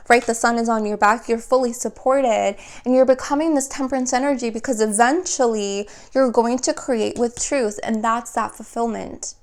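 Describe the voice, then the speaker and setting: A young woman giving a spiritual tarot reading, talking in a quick, flowing way that often restarts and repeats her phrases. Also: fairly high pitch, smooth. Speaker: tarot reader.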